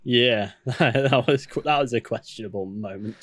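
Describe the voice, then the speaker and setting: A man's voice: mid-range voice, moderate pace, no echo. A young man co-hosting a podcast in casual chat, incredulous, swearing and stumbling over his words. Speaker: podcast co-host.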